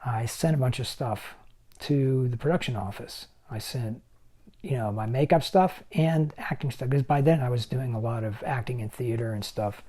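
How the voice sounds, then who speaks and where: Mellow-voiced man in his sixties telling stories. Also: medium pitch, normal speed. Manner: animated storyteller who acts out other people's lines. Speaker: special effects makeup artist guest. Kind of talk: anecdotal storytelling.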